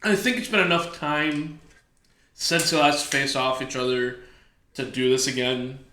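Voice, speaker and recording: Dude on a wrestling podcast, bright voice, lots of ums and you knows, echoey room. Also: male voice, mid-range voice, fairly even intonation, slight background noise. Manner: halting, lots of fillers, enthusiastic fan. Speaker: podcast co-host. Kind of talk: casual wrestling chat.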